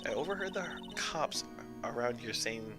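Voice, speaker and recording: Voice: medium pitch, lively intonation, normal speed, natural voice. A streamer voicing a chatty young woman photographer with an American Southern accent and a folksy drawl, over game music.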